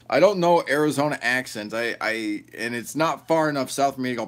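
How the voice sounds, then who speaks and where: A man's voice: medium pitch, brisk, hardly any pauses. A man hosting a casual livestream, reading chat aloud and rambling loosely, often swearing and laughing.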